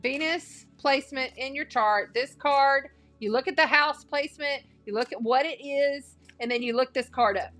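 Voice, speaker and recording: A woman with a drawl leads a loose, chatty tarot reading, circling back to the same phrases for emphasis. Her voice sits a little high. Soft music plays faintly under her. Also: normal speed, hardly any pauses. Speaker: astrology and tarot reader. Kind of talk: casual spiritual livestream reading.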